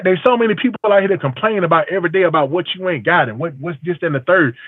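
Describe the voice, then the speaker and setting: A man's voice: fairly high pitch, quick pace, hardly any pauses, no echo. Man testifying over a phone line. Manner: storytelling with quoted dialogue, emphatic. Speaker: barber. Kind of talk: call-in testimony. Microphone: phone call. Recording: tinny phone line, dry.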